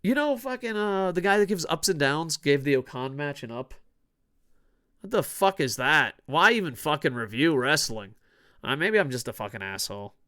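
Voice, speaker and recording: Male host, slightly high voice with a clean, smooth tone, grumpy and foul-mouthed opinion rant. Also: expressive, moderate pace, pushed and bright. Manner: grumpy, profane, swinging from mutters to outbursts. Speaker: host of a wrestling news show.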